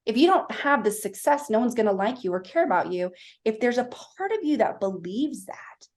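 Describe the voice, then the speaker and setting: A woman guest on a podcast, a mindset coach, explaining ideas in a lively way and acting out quoted dialogue as she tells stories. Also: fairly high pitch, moderate pace. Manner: animated storytelling, acting out quoted voices. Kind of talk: casual interview chat.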